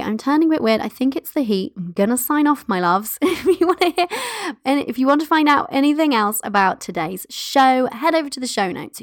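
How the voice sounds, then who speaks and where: A woman's voice: fairly high pitch, no room sound, clean studio sound. Bubbly woman hosting a chatty podcast. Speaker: podcast host. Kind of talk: casual solo podcast chat.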